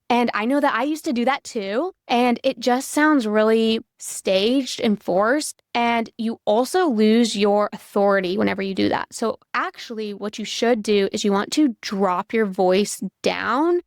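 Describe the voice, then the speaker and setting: A young woman speaks straight to camera in a direct, coaching vlog, running through tips. Her voice sits slightly high. The sound is close and dry. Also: moderate pace, hardly any pauses, no echo. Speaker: accountant content creator.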